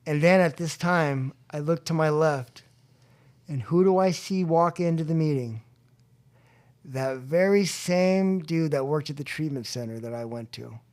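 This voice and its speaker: A man's voice: fairly high pitch, a little slow. A young man recalls his past for a podcast, talking in a slightly raised register. He slips into other people's voices as he tells it and laughs often. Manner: animated storyteller, acts out quoted voices, laughs often. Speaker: podcast guest. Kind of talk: storytelling about addiction recovery. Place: convention venue.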